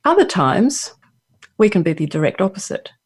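A guest author with an Australian accent answers at length. The answers are reflective and halting, with frequent pauses. The voice sits at a middle pitch. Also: sing-song, breathy edge. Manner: reflective, many fillers and restarts. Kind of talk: radio interview answer.

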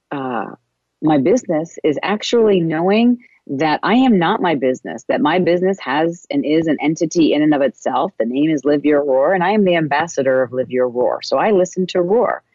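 A wellness coach talks through spiritual self-help ideas in a loose, casual way. The delivery meanders, with frequent pauses and fillers, at a mid pitch. The recording sounds dull and muffled, with a dry, close feel. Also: a little mellow, no room sound.

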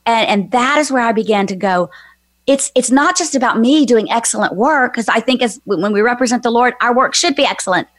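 A woman's voice: a little high, a little fast, dry recording. A woman guest on a faith talk show, earnestly telling a heartfelt personal story. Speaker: guest, author and former minister.

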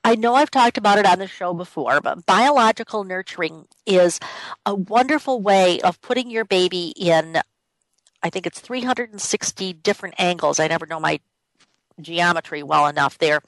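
Warm-up-free radio host: a woman talking in a dry, close voice, casual and emphatic. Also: fairly low pitch, normal speed, dry recording, poor audio. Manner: emphatic, repeats key points. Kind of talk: conversational radio talk. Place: home office.

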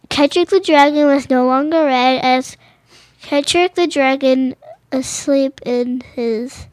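Woman, high voice, dry close sound; reads picture books aloud, trips over lines, chats between pages. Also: no echo. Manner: stumbling and rereading phrases, adding casual commentary. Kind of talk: reading children's books aloud with chatty asides.

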